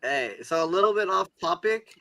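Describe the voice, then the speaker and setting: A man's voice: sits high, expressive, normal speed, gravelly, sharp tone, no echo, low-quality recording. A man on a casual livestream chat telling stories and laughing as he goes. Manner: storytelling, laughs mid-sentence. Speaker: livestream guest.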